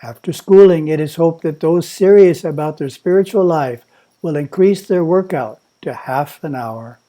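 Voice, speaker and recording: A man at a monastery reading a prepared spiritual talk in a measured, instructive way. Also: fairly high pitch, warm tone. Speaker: monastery teacher.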